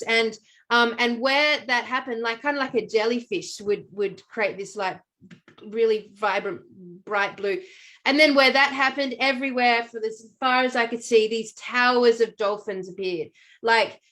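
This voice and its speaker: A woman talks with a slightly high voice in casual conversation. She tells stories in an animated, rambling way, full of fillers and restarts. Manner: animated storytelling with many fillers. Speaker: podcast co-host. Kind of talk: casual chat.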